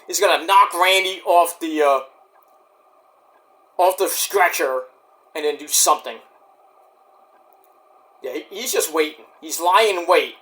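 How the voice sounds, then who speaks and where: With a bright, forward voice on the high side, a man rambles to camera about the shows he's reviewing, cursing and talking to himself about the action. His unscripted, chatty commentary comes out unhurried, with long pauses.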